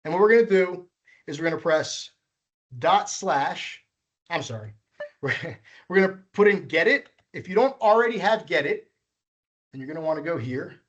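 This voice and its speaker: A man's voice: fairly high pitch, animated, normal speed, long pauses, lo-fi sound. A man leading a live coding workshop, walking through each step patiently and correcting himself as he goes. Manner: patient, walks through steps, self-correcting. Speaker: workshop instructor.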